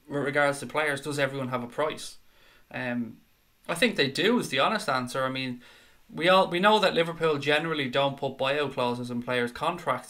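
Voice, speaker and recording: A man hosting a football fan live stream, reading viewer comments aloud and answering them in an animated, blunt, chatty way. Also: mid-range voice. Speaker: fan chat show host.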